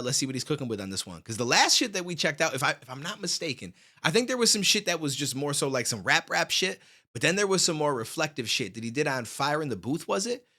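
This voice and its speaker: A man's voice: on the high side, sharp tone. A man hosting a reaction video, chatting casually and with energy, full of slang, on a studio microphone. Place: home studio.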